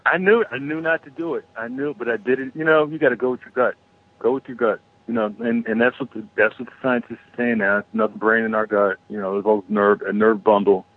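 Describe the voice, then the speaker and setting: A man's husky voice comes through a thin, tinny phone line. He talks in a loose, rambling rant, swearing freely and restarting his sentences as he goes. It sounds like a regular caller venting on talk radio. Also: mid-range voice, fairly even intonation, fast talker. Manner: rambling, profane, restarts often.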